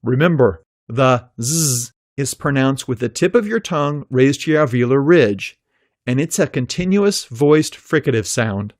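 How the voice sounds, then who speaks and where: Slow, careful male pronunciation teacher. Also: mid-range voice, expressive, no echo, clean studio sound. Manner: slow, careful, clearly articulated delivery. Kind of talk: scripted English pronunciation lesson.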